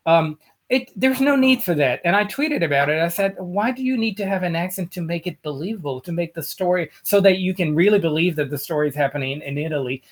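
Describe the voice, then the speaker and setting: A man's voice: high voice, animated, a little fast. A man co-hosting a casual film chat, speaking emphatically and often repeating words while he searches for them. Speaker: podcast co-host.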